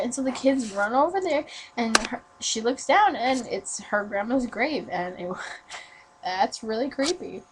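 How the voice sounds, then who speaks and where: A woman's voice: on the high side, lively intonation, poor audio. Teen girl, casual webcam storyteller who rambles and corrects herself; faint background hum. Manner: rambling, filler-heavy ghost story with quick self-corrections. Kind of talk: casual video reply storytelling. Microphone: webcam mic.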